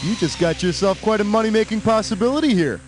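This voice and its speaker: A man's voice: sits high, expressive, fast talker. A man hosting a quiz game in a scripted, wisecracking, sarcastic style. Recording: loud music under the voice.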